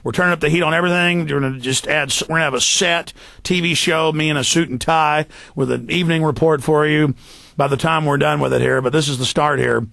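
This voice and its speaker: A male talk-show host with a gravelly, rough-edged voice that sits a bit higher than most men's. He speaks in a fast, emphatic rant, driving hard on each point with a bright, forceful tone. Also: fairly even intonation. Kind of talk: ranting political commentary.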